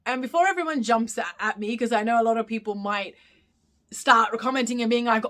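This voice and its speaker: A bright, fairly high-voiced Irish woman answers viewer questions on a casual live stream. She talks openly and warmly into the phone, with lots of fillers and restarts as she thinks aloud. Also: brisk. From Ireland. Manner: chatty and open, many fillers and restarts.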